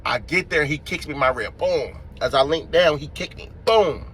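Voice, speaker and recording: A man telling a street-fight story in a casual, profane, animated way, acting out the scenes as he goes. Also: a little high, normal speed, slight background noise.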